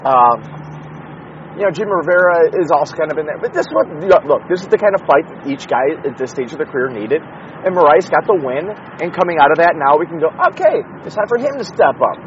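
Man, young, fairly high voice, solo podcast host, wandering profane asides, muffled recording from a car with faint traffic behind. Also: brisk. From Chicago area, United States. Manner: rambling, profane, self-interrupting asides. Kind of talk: casual solo MMA commentary. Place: in a car with the window open. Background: traffic and street noise.

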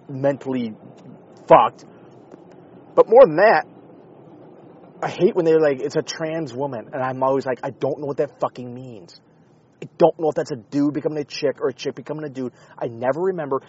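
A man's voice: mid-range voice, slightly rough, muffled recording. A man in a car giving a rambling, profane, heated monologue. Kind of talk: casual ranting monologue. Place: inside a car.

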